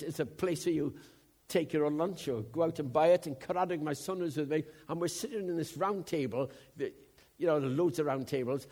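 Male preacher, husky voice, fairly high, conversational sermon, hushed then loud.

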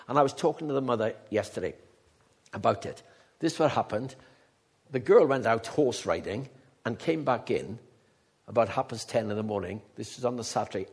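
An older man preaching a sermon, telling stories and swinging from hushed asides to loud, emphatic declarations, with a husky voice. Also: a little high.

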